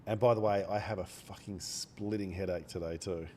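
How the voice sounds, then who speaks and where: A man with a cold, talking quietly and bluntly into a close microphone during a day-trading live stream, swearing now and then. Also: low voice, fairly even intonation, normal speed, a little hiss or hum. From Australia. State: has a cold. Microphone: microphone held very close.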